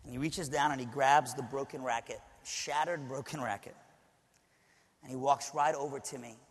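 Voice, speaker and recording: A man's voice: mid-range voice, fairly even intonation, moderate pace, husky. A male preacher from Alabama telling a personal story in a sermon, talking conversationally with frequent asides to the audience. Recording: long hall reverb.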